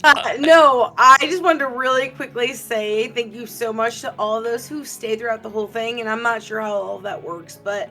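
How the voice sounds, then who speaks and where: A woman's voice: on the high side, moderate pace, hardly any pauses, bright, forceful tone, soft background music. A woman from the American Midwest who plays in the game, chatting casually after the session in a playful, teasing way and laughing often. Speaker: player. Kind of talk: casual post-session chat.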